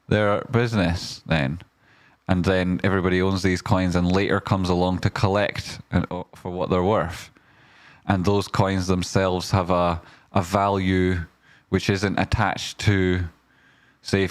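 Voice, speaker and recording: Rambling man, low dry voice. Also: no room sound. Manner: rambling, full of fillers, flares into loud swearing rants. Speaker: stock market streamer. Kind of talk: casual livestream commentary.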